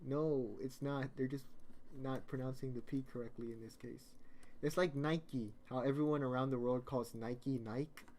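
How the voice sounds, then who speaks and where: A man's voice: medium pitch, steady tone, normal speed, a little mellow. A man chatting casually on a live stream, rambling and joking, often correcting himself mid-sentence.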